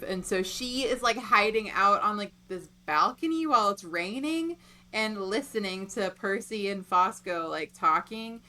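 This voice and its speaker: Bright, animated woman chatting about a book. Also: mid-range voice, a little slow. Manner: animated, laughs often, acts out characters. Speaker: book club podcast co-host. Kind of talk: casual book discussion.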